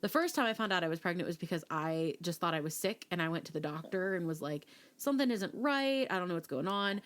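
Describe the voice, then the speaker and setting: Lively storytelling woman, lowish voice. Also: fast talker. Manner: animated storytelling, acting out quotes. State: pregnant. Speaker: podcast co-host. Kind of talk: casual chat.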